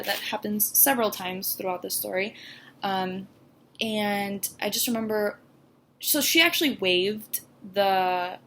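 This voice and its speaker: A young woman tells her own story straight to camera, candid and halting, restarting her sentences and leaning on fillers. Her voice sits at an ordinary middle pitch. A faint hum runs underneath the recording. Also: fairly bright tone. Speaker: vlogger.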